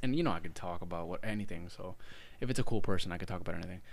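A man's voice: deep voice, rapid-fire, vocal fry. A young man co-hosting a podcast, telling stories in casual chat with plenty of swearing. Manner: animated storyteller, swears freely. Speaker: podcast co-host.

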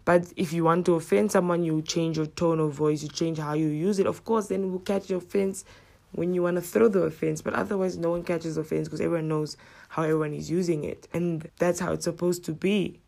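A woman's voice: on the low side, brisk, gravelly. A woman telling stories to her viewers in a casual, blunt rant, swearing freely and acting out what people said. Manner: blunt, heavy swearing, animated retelling. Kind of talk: casual storytelling rant to camera.

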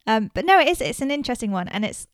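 A woman's voice: fairly high pitch, sing-song, racing, no echo. A woman co-hosting a podcast in casual chat, playful and self-mocking, recorded close and dry. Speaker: podcast co-host.

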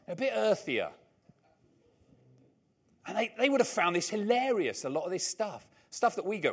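Older guy preaching, kinda high voice, really animated, hammers his lines over and over, cracks jokes. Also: moderate pace, pauses often. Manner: emphatic, repeats key phrases, chatty humorous asides. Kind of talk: sermon.

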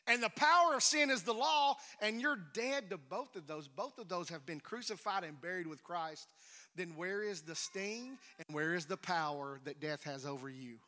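High bright-voiced man preaching. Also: normal speed. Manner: emphatic preaching, swinging between loud declarations and hushed near-whispers. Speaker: pastor. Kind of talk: sermon. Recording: reverberant hall.

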